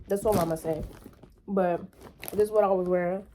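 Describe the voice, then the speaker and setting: A young woman vlogging in a casual, animated storytelling way, full of profanity and quick asides to her viewers. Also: fairly low pitch, a little hiss or hum.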